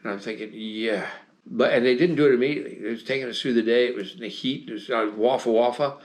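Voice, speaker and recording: A man's voice: mid-range voice, quick pace. A man in his seventies with an American accent, a guest telling long, rambling anecdotes in a casual interview, full of restarts and fillers and frequent chuckles. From United States. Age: 70s. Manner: chuckles often while telling stories.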